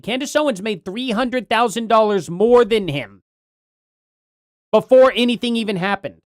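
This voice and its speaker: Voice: mid-range voice, very animated, moderate pace, no room sound. Dry-voiced, rambling live streamer. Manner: rambling, jokey, rising to heated rants. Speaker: streamer reacting to a debate.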